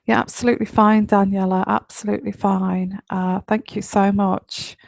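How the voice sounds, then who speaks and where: A woman hosting a live online radio show as a tarot reader, talking in a quiet, whispery voice at home late at night, chatty and rambling with many fillers. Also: medium pitch, flat delivery, moderate pace, gravelly, no echo.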